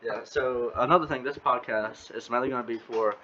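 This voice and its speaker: A man's voice: mid-range voice, fairly even intonation, fairly quick, pushed and bright. A man hosting a casual podcast, rambling and chuckling, often trailing off mid-sentence. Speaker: podcast host. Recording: slightly muffled lo-fi audio.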